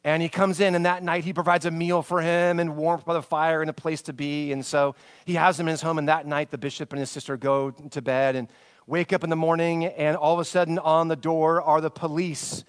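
A man preaching a sermon, retelling stories with animated swings between loud emphasis and hushed passages, sometimes stumbling over names. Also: fairly high pitch, fairly quick, clean tone. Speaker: pastor.

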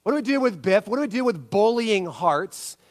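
A middle-aged man preaching a sermon, telling stories and acting out the people in them with big jumps in his voice. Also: moderate pace. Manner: animated storytelling, acts out quotes with big pitch jumps. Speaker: pastor.

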